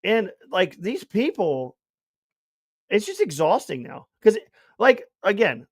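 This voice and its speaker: A man with a high voice co-hosts a sports podcast in casual chat. He rambles along animatedly, breaking into loud bursts now and then, recorded dry and close. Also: big pitch swings, takes it slowly, husky, dry recording. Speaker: podcast co-host.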